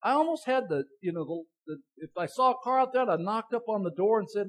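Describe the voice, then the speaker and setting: A man's voice: high voice, animated, fairly quick, hardly any pauses, rough recording. A middle-aged male pastor giving a sermon, telling a story in a chatty way with chuckles and stressing each word in scripture lists.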